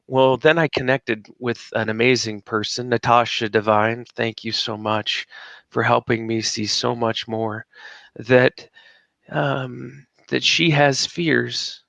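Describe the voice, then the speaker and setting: A man's voice: medium pitch, steady tone, takes it slowly, gravelly, fairly bright tone, no echo. Guy cohosting a motivational podcast, rambly, keeps laughing and repeating himself, mid voice. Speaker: podcast co-host. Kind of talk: casual motivational chat.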